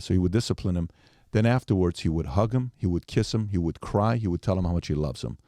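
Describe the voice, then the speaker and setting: A man in his forties spins a story on a podcast and jumps into the characters' lines as he tells it. His voice sits low and mellow. The sound is dry, with no room in it. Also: quick pace, no room sound. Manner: animated storyteller, acts out quoted lines. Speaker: podcast guest.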